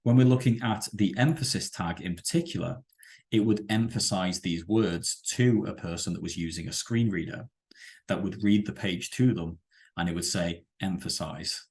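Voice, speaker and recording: A man teaching a web development lesson over a screen-share, explaining with halting, self-correcting sentences and many fillers. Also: sits low, darkish tone. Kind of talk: screen-share coding tutorial.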